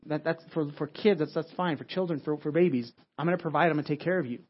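The pastor's slightly high, slightly rough voice moves at a fast clip through a loose, conversational sermon. He trips over and restarts his words and keeps adding "right?", all in dull, lo-fi audio.

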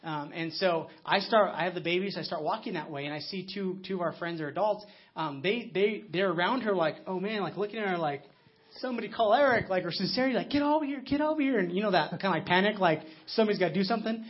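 He's a pastor from the United States in his thirties, and his voice is high-pitched, fast and slightly rough. He tells stories in a conversational sermon with many restarts, and the audio is muffled and lo-fi.

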